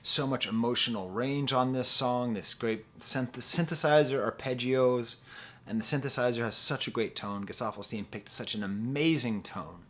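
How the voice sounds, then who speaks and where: A man's voice: mid-range voice, normal speed, a bit bright. A young man reviewing music in a casual, rambling and playful way, often saying "like" and singing short bits of songs. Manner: rambling and playful, with lots of "like" and sung snippets.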